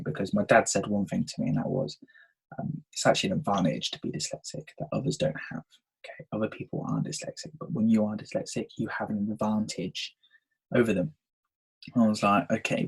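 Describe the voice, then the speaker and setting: A man's voice: lowish voice, brisk, gravelly, slightly rough, rough recording. A man, casually telling a personal story on his podcast and often checking in with "okay?". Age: 20s. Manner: chatty, frequent "um" and "okay?" check-ins. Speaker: podcast host.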